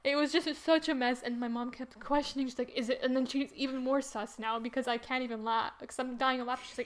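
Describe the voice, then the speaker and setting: A woman's voice: sits high, steady tone, fast, hardly any pauses. Rambling, giggly young woman storyteller. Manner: rambling, filler-heavy, breaks into laughter. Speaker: podcast co-host. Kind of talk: casual chat, storytelling.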